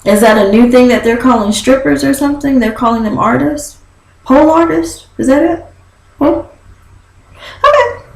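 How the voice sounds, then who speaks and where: Young woman vlogger, sassy casual chat, high animated voice. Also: normal speed, gravelly, long pauses, reverberant, poor audio. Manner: sassy, chatty, animated with laughs and quoted voices. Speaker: vlogger recapping a reality show. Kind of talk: casual gossip recap.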